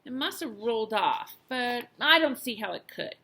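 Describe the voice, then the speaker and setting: An agitated little boy from a storybook, put on by a woman reading aloud, calling out loudly and insistently. The voice jumps well above her usual pitch, with a gravelly edge underneath and a bright, forceful tone. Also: lively intonation, normal speed, heavily acted. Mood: puzzled. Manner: loud, insistent exclamations. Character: upset young boy searching for his toy.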